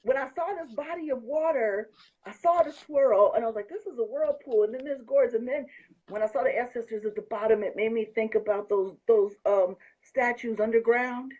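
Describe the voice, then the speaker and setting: Host: woman, husky, effusive and gushing, slightly muffled lo-fi sound. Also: a little high, moderate pace, darkish tone. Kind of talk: excited casual chat.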